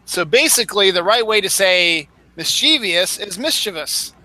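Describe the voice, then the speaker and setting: A man's voice: sits high, normal speed, bright, forceful tone, no room sound, rough recording. A man co-hosting a podcast in casual chat, chatty and playful, often stumbling and restarting his sentences. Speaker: podcast co-host.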